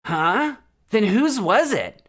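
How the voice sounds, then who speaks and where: A man's voice: sits high, sing-song, slow pace, fairly bright tone. A man hosting a let's play, reading game dialogue aloud and joking between the lines. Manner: playful, joking, reacts with bursts of laughter.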